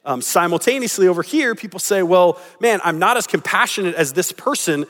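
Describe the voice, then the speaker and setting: Male pastor, fairly high voice, conversational sermon, long hall reverb. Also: expressive, a little fast, fairly bright tone. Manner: conversational, acts out quoted lines.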